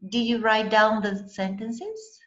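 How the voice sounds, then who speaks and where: A woman teaching a language lesson online, patient and deliberate, breaking words into syllables and checking in with the student. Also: on the high side, little pitch movement, dull audio. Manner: patient, slow, spells out syllables and checks with "okay?".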